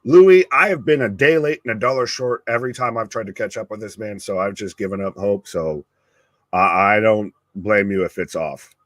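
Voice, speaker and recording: A man's voice: fairly low pitch, moderate pace, dry recording. Profane, joking male stream co-host. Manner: animated, profane, jokey reactions. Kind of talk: casual live-stream commentary.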